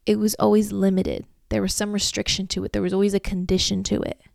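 Gravelly-voiced woman venting on a podcast. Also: medium pitch, little pitch movement, quick pace, a little mellow, dry recording, clean studio sound. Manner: candid, emotional, swears freely. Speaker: podcast host. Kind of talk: solo podcast monologue.

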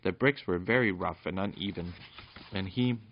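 A man reading a children's storybook aloud in a steady narration with small stumbles, on a dull lo-fi recording. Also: low-pitched, moderate pace, gravelly.

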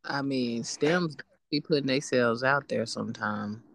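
Very deep-voiced joking woman. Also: a little slow. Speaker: podcast guest. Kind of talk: casual chat.

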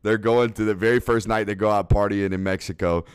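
A man's voice: lowish voice, steady tone, fairly quick, a little hiss or hum. A man hosting a casual podcast chat, laid-back, with lots of fillers and frequent laughter. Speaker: podcast host.

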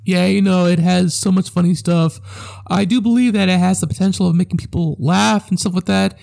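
Male podcast co-host, high and gravelly, sincere and a little repetitive. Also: steady tone, brisk, darkish tone. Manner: earnest, repeats stock phrases like "I do believe". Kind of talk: casual chat.

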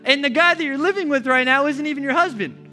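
A man's voice: extremely high pitch, quick pace, pushed and bright, faint music behind, voice pushed up, exaggerated voice. A man voicing a male religious teacher who talks in a breezy, slangy, modern way, within a casual sermon. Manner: breezy, slangy, matter-of-fact.

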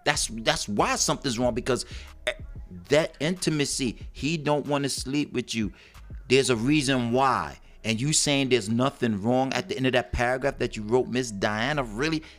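A man's voice: medium pitch, moderate pace, a bit bright, soft background music. Emphatic, slangy male co-host. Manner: emphatic, slangy, fires rhetorical questions. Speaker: advice show co-host. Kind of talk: casual on-air chat.

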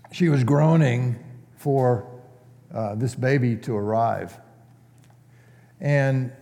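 Slow-preaching man in reverberant church. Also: mid-range voice, dark tone. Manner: conversational, asks the congregation questions. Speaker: pastor. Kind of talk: sermon.

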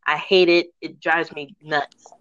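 A woman hosting a podcast, telling rant stories in a lively, slangy, laughing way. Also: low voice, unhurried, no room sound. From northern United States. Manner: animated, slangy, laughing storyteller. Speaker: podcast host. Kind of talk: casual storytelling rant. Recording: dull lo-fi recording.

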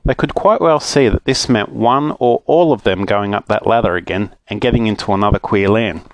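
An Australian man, a storytelling dad, reading a children's book aloud in an expressive narrating voice. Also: lowish voice, a little fast, no echo.

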